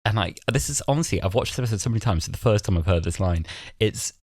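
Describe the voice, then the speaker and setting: Low-voiced young man, laughing, dry sound. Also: animated, a little mellow, slightly rough, dry recording. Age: 20s. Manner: laughing often, rushing through stories. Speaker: podcast co-host. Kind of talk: casual chat.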